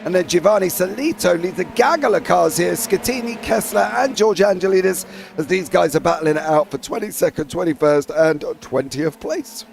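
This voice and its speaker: A man's voice: sits high, animated, moderate pace, creaky, slight background noise. A man giving casual, rambling color commentary on an online sim race.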